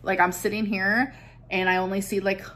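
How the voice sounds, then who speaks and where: A woman's voice: medium pitch, little pitch movement, normal speed, a bit bright. Rambling, reflective woman vlogger. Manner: rambling, reflective, heavy use of "like". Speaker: vlogger in a played clip. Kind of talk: casual confessional vlog talk.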